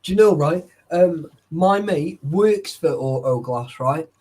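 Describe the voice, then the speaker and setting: A man's voice: fairly high pitch, lively intonation, takes it slowly, darkish tone, slightly rough. A man in casual chat, swearing freely and peppering his talk with "like" and "right". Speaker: urban explorer.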